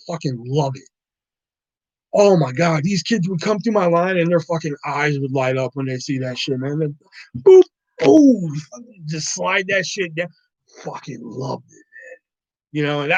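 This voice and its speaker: A young man telling a work story casually, animated and profane, laughing now and then. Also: fairly high pitch, normal speed, no room sound. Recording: dull dry lo-fi recording.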